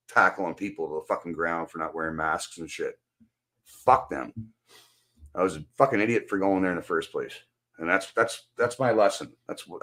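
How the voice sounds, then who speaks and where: Man, very low voice, profane ranting, casual stream host. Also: fairly bright tone. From Canada. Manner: profane, venting. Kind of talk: casual rant to a guest.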